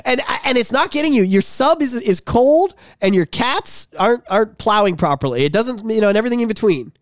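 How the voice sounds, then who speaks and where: Excitable, profane man with a lively voice. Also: high voice, fairly quick, dry recording, studio quality. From Canada. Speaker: podcast co-host. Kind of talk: casual chat.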